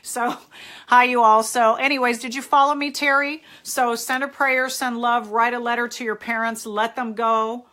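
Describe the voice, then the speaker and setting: A middle-aged woman hosts a live video stream, talking in a bright, fairly high voice. She gives earnest, encouraging advice in a casual way and stops now and then to greet her viewers. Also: fairly even intonation, normal speed. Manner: earnest and encouraging, chats with viewers between points. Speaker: host answering viewer questions on a live stream.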